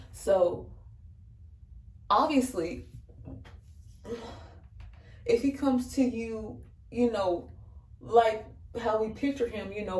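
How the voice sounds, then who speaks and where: A young adult woman vlogger sharing a casual faith testimony while getting ready, earnest and chatty, with lots of "you know" and quick laughs. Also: medium pitch, darkish tone. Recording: roomy sound from a mic some distance away.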